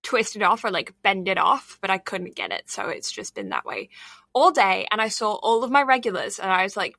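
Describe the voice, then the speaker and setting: A woman's voice: mid-range voice, expressive, moderate pace, gravelly, bright, forceful tone, no room sound. A woman co-hosting a casual podcast chat with a slight lisp, rambling and laughing often. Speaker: podcast co-host.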